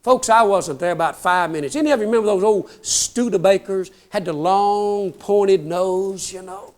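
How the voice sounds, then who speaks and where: A man's voice: sits high, normal speed, darkish tone. An older man telling comic stories on stage in a folksy, self-mocking way, often calling the crowd "folks". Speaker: comedian telling trooper stories. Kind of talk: stand-up storytelling.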